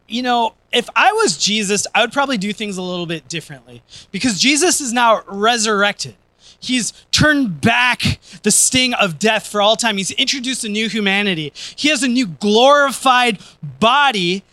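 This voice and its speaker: A man pastor preaching a sermon, joking and energetic, and at times earnest and soft. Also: very high-pitched, dry recording. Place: church.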